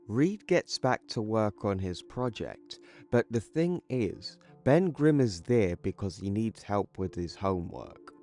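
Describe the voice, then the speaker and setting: Male comics recap narrator, casual, low voice, very slow delivery. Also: sing-song, a little mellow, faint music behind. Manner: casual, conversational. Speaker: comic book YouTuber.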